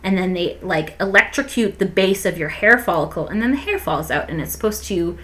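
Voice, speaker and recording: A young adult woman co-hosts a casual podcast chat and tells an animated story, swearing freely and adding "and whatnot." Her voice sits on the low side and she talks a little fast.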